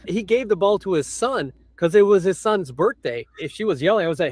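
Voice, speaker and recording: A man hosting a casual livestream, telling stories bluntly and mimicking others in high, shrill voices. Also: expressive, fairly quick, few pauses, darkish tone, no room sound. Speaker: livestream host. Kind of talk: casual chat.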